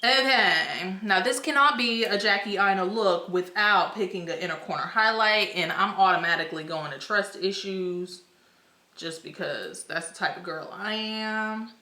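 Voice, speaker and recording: A young woman filming a casual makeup tutorial, chatty and slangy with excited exclamations. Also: mid-range voice, normal speed. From United States. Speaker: beauty vlogger. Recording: echoey room.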